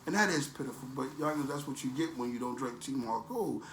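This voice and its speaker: A man's voice: mid-range voice, fairly quick, a bit bright, echoey room, a little hiss or hum. A man ranting in a preachy, motivational way as a vlogger, with emphatic, streetwise, repetitive phrasing. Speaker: vlogger promoting a supplement.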